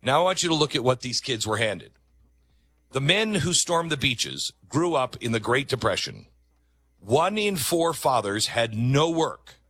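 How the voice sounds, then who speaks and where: A man delivering a commentary monologue in a bright, forceful voice that rises and falls a lot. He talks emphatically, in a conversational way, and leans on dramatic pauses. The sound is close and dry. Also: mid-range voice, big pitch swings, husky, no room sound. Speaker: talk show host.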